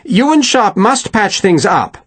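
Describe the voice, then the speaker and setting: A man playing a genial colonel who smooths over quarrels in a grand, lively voice. The tone is husky and dry, close to the mic. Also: high voice, measured pace, no room sound, pitched above the performer's own voice, exaggerated voice. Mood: placating. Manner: grand, placating. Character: genial, evasive older male colonel.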